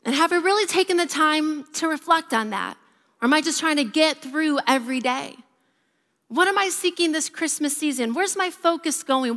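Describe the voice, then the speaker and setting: Bright high-voiced woman preaching. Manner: lively storytelling, varied pace. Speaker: pastor. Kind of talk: sermon. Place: church auditorium. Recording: reverberant church hall.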